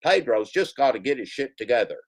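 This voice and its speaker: A man's voice: mid-range voice, big pitch swings, brisk. A man hosting a casual reaction stream, commenting on clips with playful, jokey mock warnings to his viewers.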